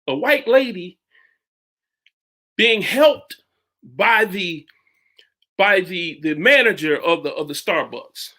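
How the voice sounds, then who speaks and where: A man preaching a sermon, retelling a story in a halting way with many restarts and sudden jumps in pitch. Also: sharp tone.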